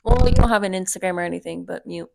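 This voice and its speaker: A woman's voice: lowish voice, fast talker, creaky, dark tone, a little hiss or hum. A young adult woman hosting a podcast, chatting casually with friends, rambling and filling her talk with "like". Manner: rambling, heavy use of "like", laughs often. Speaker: podcast host. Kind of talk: casual chat among friends.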